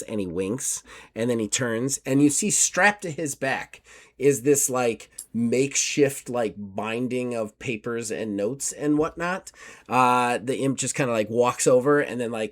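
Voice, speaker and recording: A man narrating a tabletop horror game as game master, casual and full of fillers. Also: mid-range voice. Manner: casual, lots of fillers, laughs easily.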